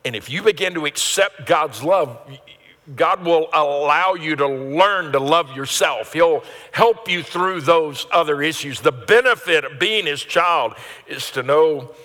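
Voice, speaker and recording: Older male pastor, fairly high bright voice, earnest sermon with rising emphatic peaks, church hall reverb. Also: lively intonation, measured pace.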